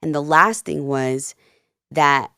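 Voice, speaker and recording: A woman's voice: sits low, slow pace, creaky, clean tone, no echo, clean studio sound. A woman from New Jersey with Peruvian roots, a life coach telling her story earnestly as a podcast guest. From New Jersey, of Peruvian family. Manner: earnest, animated retelling with quoted dialogue. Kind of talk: candid storytelling in a podcast interview.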